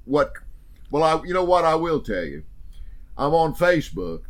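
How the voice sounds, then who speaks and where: Emphatic storytelling man, higher voice. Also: moderate pace. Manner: animated storyteller, emphatic and rambling. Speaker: hunting guest. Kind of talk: storytelling in a podcast interview.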